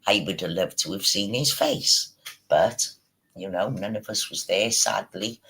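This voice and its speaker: A man's voice: lowish voice, unhurried, gravelly, pushed and bright, slightly rough, poor audio. A man giving a sweary, mocking ranting commentary on his stream, scornful of the people he talks about.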